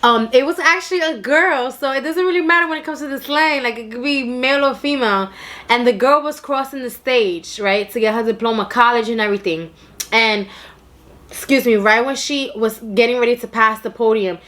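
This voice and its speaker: A young woman with a New York accent chats casually on her eating show, loud and animated, breaking into laughter as she talks. Her voice sits high for a woman. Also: a little fast. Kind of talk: casual chat while eating.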